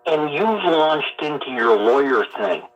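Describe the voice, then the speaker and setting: A man's voice: fairly high pitch, big pitch swings, a little slow. A man calling into a radio show, rambling with hesitant fillers, heard through a muffled phone line. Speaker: caller.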